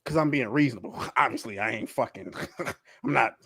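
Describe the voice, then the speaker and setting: A man telling a story in casual podcast chat, animated and laughing as he acts out the characters. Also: medium pitch, moderate pace, slightly rough, dry recording, clean studio sound. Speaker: podcast co-host.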